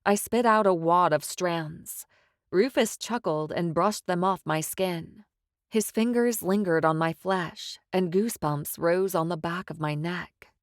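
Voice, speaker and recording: A woman narrating a first-person fantasy audiobook in a steady, expressive storytelling manner. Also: lowish voice, a little slow, no room sound, clean studio sound.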